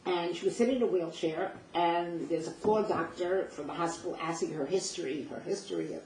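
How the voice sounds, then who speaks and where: A woman's voice: fairly low pitch, fairly quick. An older woman recounting personal memories as a vivid, emotional first-person story, acting out the dialogue. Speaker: speaker sharing personal memories. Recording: roomy distant mic with faint noise.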